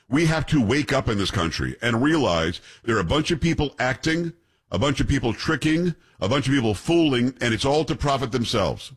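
A man's voice: medium pitch, breathy edge. A man hosting an opinion show, describing clips with blunt, scornful commentary. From New York. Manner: blunt, scornful commentary with many rhetorical asides. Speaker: show host.

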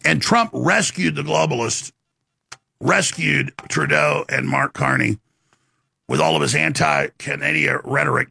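A man hosting a talk show, delivering an emphatic rant and sales pitch with sudden swings in pitch. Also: creaky, pushed and bright, husky, no echo.

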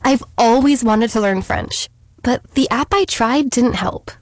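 A woman's voice: a little high, a little slow, no echo, studio quality, close to an everyday voice. A woman acting as a satisfied customer in a scripted commercial, upbeat and enthusiastic. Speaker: ad customer testimonial.

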